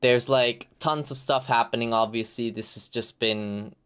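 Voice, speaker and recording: A man's voice: mid-range voice, steady tone, unhurried, fairly bright tone, slight background noise. A man hosting a live stream, giving loose, chatty feedback full of "like" fillers and the odd swear. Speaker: host reviewing game audio reels.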